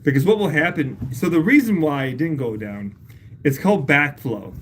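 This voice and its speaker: A woman with a deep, animated voice hosts a casual livestream answering home repair questions, coaching a viewer through a fix and then explaining it plainly. She speaks at a moderate pace, chats loosely, laughs often and swears casually, with a little hiss or hum audible.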